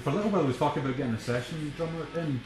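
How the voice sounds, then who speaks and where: A man's voice: a little high, rapid-fire, darkish tone. Teasing Scottish man in an echoey room. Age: young adult. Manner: teasing, chatty, laughs a lot. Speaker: musician giving album commentary. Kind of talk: casual chat. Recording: echoey room with faint music.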